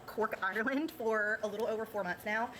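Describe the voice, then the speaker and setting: A woman's voice: a little high, fairly quick, a bit bright, slight background noise. A woman from North Carolina, chatting emotionally in a casual vlog, a bit teary and full of gratitude, with lots of fillers. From United States (North Carolina). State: teary-eyed. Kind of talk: casual vlog about groceries.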